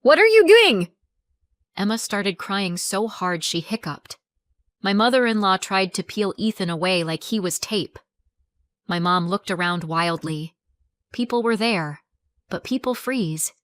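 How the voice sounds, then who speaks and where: A woman narrating a story in a calm, measured storytelling voice. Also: medium pitch, no echo.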